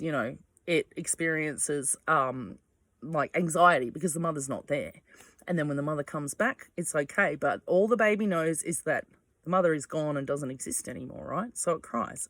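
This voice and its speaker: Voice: medium pitch, fairly bright tone, no room sound. A vlogger talking in a frank, rambling monologue, full of ums and asides and casual swearing.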